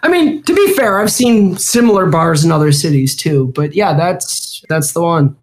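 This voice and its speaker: A woman with a Midwestern American accent, chatting casually as an interview guest, quick and rambling with fillers. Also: lowish voice, lively intonation, a little mellow. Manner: chatty, talks in bursts with fillers. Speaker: guest, security executive.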